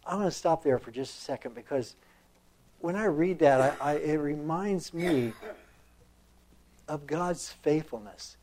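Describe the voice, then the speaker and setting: A man's voice: on the high side, a little slow, long pauses, a little mellow. A man preaching a sermon in a reflective, conversational way, full of fillers and restarts as he reads and comments on scripture.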